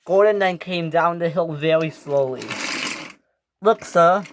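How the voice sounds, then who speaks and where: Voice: medium pitch, noisy background. A narrator improvising a story with toy trains, often stopping, restarting and correcting themselves. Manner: halting, frequent restarts and fillers.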